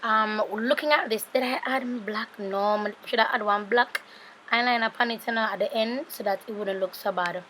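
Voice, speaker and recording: A woman's voice: a little high, normal speed, a bit bright, a little hiss or hum. A woman in her thirties with a Jamaican accent, tired and sleepy, chatting casually through a makeup tutorial voice-over with rambling asides to her viewers. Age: 30s. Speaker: beauty vlogger.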